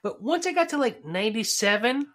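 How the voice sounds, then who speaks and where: A man with a bright, forceful voice ribbing his co-hosts in crude podcast banter. His pitch swings widely between sardonic mumbled asides and excited bursts. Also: a little fast. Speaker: podcast co-host.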